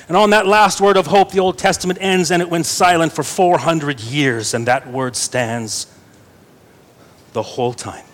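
A young adult man, a pastor, preaches a sermon in a voice that sits high, speaking at normal speed. He reads scripture earnestly and adds playful asides to his congregation.

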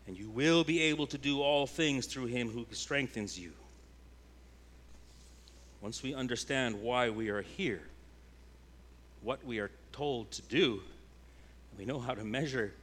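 A pastor preaching a sermon, a man whose delivery swings between loud, emphatic declarations and hushed, intense passages. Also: mid-range voice.

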